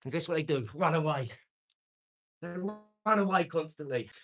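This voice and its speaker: A man's voice: fairly high pitch, lively intonation, normal speed, a bit bright. A man, talking brashly and boastfully on his own live stream, answering comments. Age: 40s. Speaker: livestream host.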